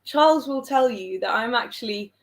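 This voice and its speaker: A woman's voice: on the high side, lively intonation, moderate pace. A young woman from England with a southern English accent, rambling casually on a livestream, joking at her own expense and reading out comments from viewers. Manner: chatty, rambling, self-deprecating, reads out viewer comments. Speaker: livestream host.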